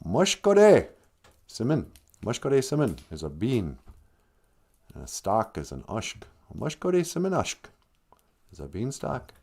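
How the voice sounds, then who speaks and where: A man's voice: mid-range voice, huge pitch swings, slow pace, pauses often, dark tone. A man hosting a live-stream podcast, retelling a folktale in a loose, joking, conversational way. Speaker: podcast host and storyteller. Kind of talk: casual humorous folktale retelling.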